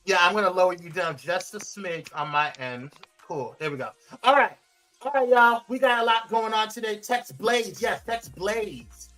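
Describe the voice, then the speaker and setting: A man hosting a casual live-stream morning show, animated and playful, his voice swooping high when he teases. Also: normal speed, faint music behind, low-quality recording. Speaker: host.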